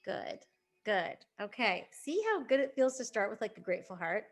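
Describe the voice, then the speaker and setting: A woman's voice: mid-range voice, expressive, normal speed. A woman hosting a casual group video call, bubbly and laughing often as she reads out what others write in the chat.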